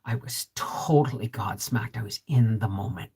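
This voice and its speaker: A middle-aged woman with a deep, resonant voice, hosting a casual vlog live stream. She chats straight to viewers, reads their comments and keeps asking "right?". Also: moderate pace, creaky, mellow, slightly rough. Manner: chatty, talks straight to viewers with frequent "right?". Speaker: homesteading vlog host.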